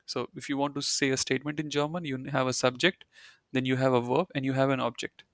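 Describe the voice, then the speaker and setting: A man's voice: medium pitch, flat delivery, fast talker, dry recording, studio quality. A man teaching a German lesson, explaining step by step and often repeating key points with "you know" and "right". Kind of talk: live online language lesson.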